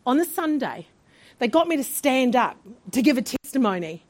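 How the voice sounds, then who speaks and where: High, lively woman pastor preaching. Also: moderate pace. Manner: animated storytelling, laughing asides. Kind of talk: sermon testimony.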